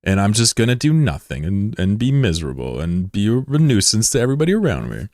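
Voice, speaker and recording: A man in his thirties from the United States, chatting casually on a live stream with swearing and sudden high yelps of surprise. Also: very animated, a little fast, darkish tone, no room sound, clean studio sound. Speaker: game streamer.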